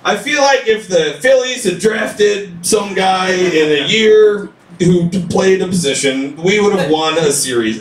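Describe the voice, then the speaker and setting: A man from a small town doing a stand-up routine, chatty, leaning on "like" and acting out quotes. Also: on the high side. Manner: chatty, leans on "like", acts out quotes. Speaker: stand-up comedian. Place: comedy club stage. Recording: echoey club room heard from far off.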